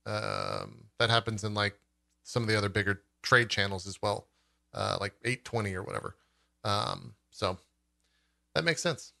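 A man's voice: lowish voice, sing-song, moderate pace, vocal fry, pushed and bright. A man hosting a casual podcast, teasing his co-host and swearing casually.

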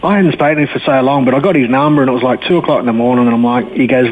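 A man tells his story in a candid, blokey way, often restarting his sentences. His voice sits at an ordinary pitch for a man. It comes through a thin, phone-like line with a faint hiss underneath. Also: fast. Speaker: guest telling his life story. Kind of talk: personal testimony in a radio interview.

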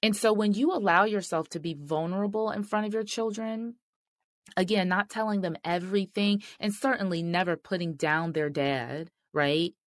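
A woman's voice: mid-range voice, normal speed, no echo. A middle-aged woman hosting a faith-based marriage podcast, talking directly and earnestly to listeners. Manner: earnest, direct, addresses listeners as "y'all" and "sis". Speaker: podcast host.

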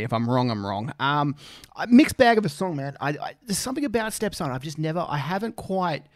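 A man's voice: on the high side, no room sound, studio quality. An Australian man hosting a casual music reaction, rambling, swearing freely and joking at his own expense. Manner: rambling, swears freely, self-deprecating jokes.

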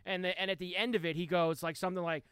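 A male sports radio co-host with a high, smooth voice, drifting through casual talk with plenty of "like". The recording is dry and close. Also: flat delivery, fast talker, fairly bright tone, no room sound. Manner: laid-back, trailing off, lots of "like".

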